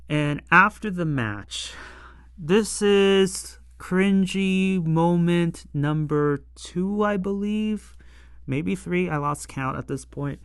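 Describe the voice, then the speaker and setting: Casual episode recap, lots of fillers, exasperated asides, dry close sound, unhurried. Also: medium pitch, clean tone, no echo. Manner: rambling, many fillers, exasperated commentary. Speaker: anime and tokusatsu episode reviewer.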